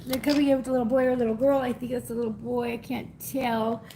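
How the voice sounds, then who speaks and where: A woman giving a live energy reading in a chatty, effusive way, laughing often and going soft and teary when moved. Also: on the high side, level tone, fast, background noise. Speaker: tarot reader.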